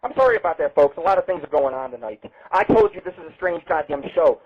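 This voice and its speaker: Animated and fast, a man with a husky, slightly high voice runs a rambling live internet radio show, brash, boastful, and cursing constantly. His webcam mic makes the audio thin and tinny, like a phone line.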